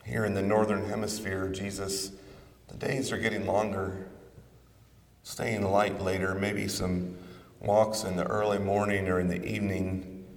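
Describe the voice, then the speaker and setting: A man preaching a sermon in the form of a conversational prayer, measured, with dramatic pauses. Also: low-pitched, level tone. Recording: roomy reverberant hall, voice from a distance.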